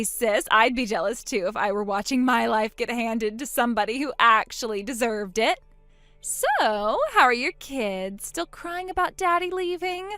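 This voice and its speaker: A woman's voice: fairly high pitch, a bit bright, no room sound. A woman voicing a smug, gloating younger sister in a dramatized text-message story, mocking her older sister. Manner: mocking, taunting.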